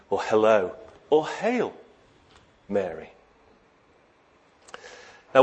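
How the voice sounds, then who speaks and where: Man preaching in a chatty way. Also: lowish voice. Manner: conversational, asks the listeners rhetorical questions. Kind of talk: sermon.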